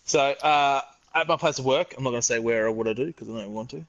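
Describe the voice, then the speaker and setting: A man's voice: mid-range voice, fast, fairly bright tone, muffled recording. A young man co-hosting a casual podcast, telling a story in a hesitant, stumbling way. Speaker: podcast co-host. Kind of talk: casual chat.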